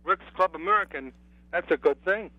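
A man calling in to a radio show, friendly and a bit halting, over a muffled phone line. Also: sits high, dry recording. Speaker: caller. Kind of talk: phone-in chat.

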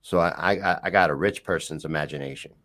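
A man's voice: extremely low pitch, fairly quick, a bit bright. A man co-hosting a podcast, chatting casually in a playful, teasing, rambling way. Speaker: podcast co-host. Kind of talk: casual joking chat.

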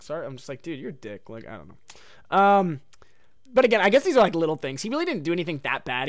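A man's voice: mid-range voice, clear, resonant tone, no room sound, studio quality. A young man hosting a podcast, telling a casual rambling story full of "like" and "dude.". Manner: rambling, heavy use of "like" and "dude". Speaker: podcast host.

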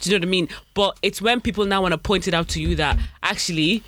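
A man's voice: sits high, fast, fairly bright tone, slight background noise. A man in a casual group chat who explains his point of view earnestly and at length.

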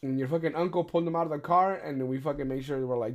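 Middle-aged male host, casual storyteller, heavy cursing, animated retellings. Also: a little high, racing, vocal fry. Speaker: podcast host. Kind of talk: casual chat.

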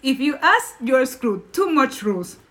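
A woman from Nicaragua, a podcast guest telling stories in lively, English and laughing often. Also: high-pitched, a little slow. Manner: animated, laughing, non-native English phrasing. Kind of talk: casual storytelling in conversation.

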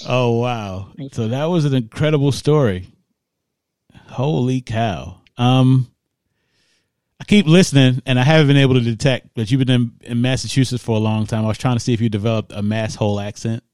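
A man hosts a podcast in an easy, joking way and laughs often. His voice sits at a middle pitch. He is recorded close and dry. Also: normal speed, a little mellow, smooth, no room sound. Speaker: podcast host. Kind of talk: casual interview chat.

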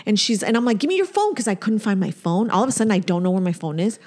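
A woman in her forties co-hosts a podcast, telling a story in casual chat with a mid-range voice and a fast pace. She's an animated storyteller who acts out the voices of the people in it.

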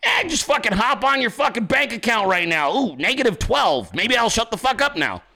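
A man's voice: extremely high pitch, big pitch swings, moderate pace, vocal fry, sharp tone. A man hosting his own show from a home desk, ranting in profane, combative, mocking commentary. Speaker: podcast host.

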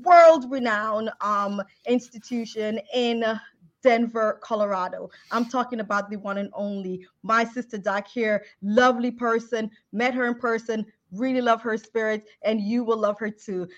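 A woman hosting a podcast interview, effusive and animated, piling on praise words. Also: on the high side, moderate pace, highs cut off. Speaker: podcast host.

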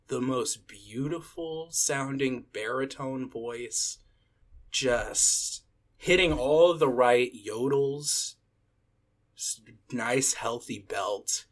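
A man's voice: medium pitch, very slow. Casual man running a tabletop game. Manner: casual, filler-heavy storytelling. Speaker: game master.

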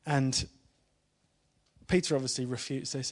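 A man with a middle-pitched voice preaches a little slowly to a live church congregation, keeping it informal and conversational. He keeps asking the room questions and slips in small laughs, and his voice turns soft and hushed when he retells a story.

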